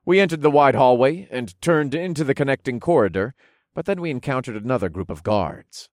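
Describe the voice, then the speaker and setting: A man narrating a first-person fantasy audiobook with wry, lively storytelling into a studio mic. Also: mid-range voice, fairly quick, no echo.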